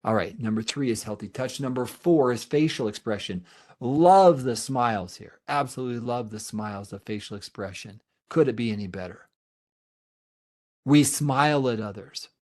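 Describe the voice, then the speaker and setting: A man's voice: fairly low pitch, moderate pace. A middle-aged man, a therapist, giving an earnest webinar presentation with emphatic repetition and answering audience questions.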